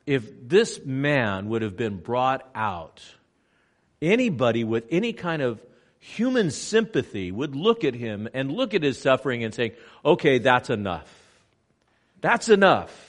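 A man preaching a sermon with slow, emphatic delivery, swinging between loud passages and hushed ones. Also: mid-range voice. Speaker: pastor. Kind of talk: sermon on location.

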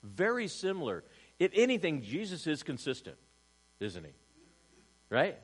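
A man pastor preaching a sermon to a church congregation, swinging from loud emphasis to hushed asides and asking rhetorical questions. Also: a little high, wildly swooping pitch, unhurried, slightly rough, low-quality recording. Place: church service.

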